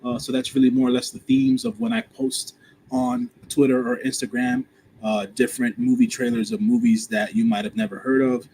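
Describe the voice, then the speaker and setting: A man's voice: mid-range voice, moderate pace, gravelly, poor audio. A man hosting a podcast talks through his social media plugs in an easygoing, meandering manner, dotted with "uh" fillers. His voice sits in a middle range, with a faint bit of noise behind him. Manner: relaxed, rambling, frequent "uh" fillers. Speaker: podcast host and movie reviewer. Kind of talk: casual self-promotion.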